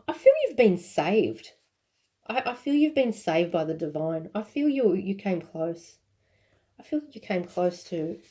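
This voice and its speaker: Woman tarot reader, casual and emotional, low mellow voice. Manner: intuitive, rambling, with fillers and self-corrections; emphatic and emotional at moments. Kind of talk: casual tarot reading to camera.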